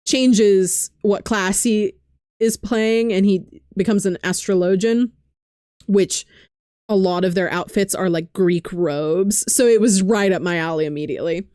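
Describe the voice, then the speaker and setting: Smooth-voiced woman chatting about games. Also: mid-range voice, moderate pace, a little mellow, no room sound, clean studio sound. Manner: chatty, frequent "um" fillers, light laughing asides. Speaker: vlogger and streamer. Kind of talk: casual chat about games.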